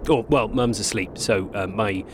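A man's voice: fairly low pitch, normal speed, slight background noise, close to an everyday voice. An actor playing a cheery, chatty male sidekick who rambles and jokes.

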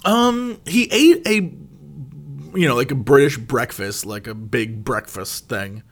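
A man in casual chat, telling a funny family story and jumping up high when quoting himself. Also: a little slow, fairly bright tone.

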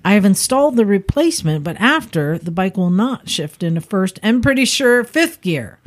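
A woman voicing a young male Texan rider's letter in a mild put-on Texan accent, reading slowly and earnestly. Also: mid-range voice, sing-song.

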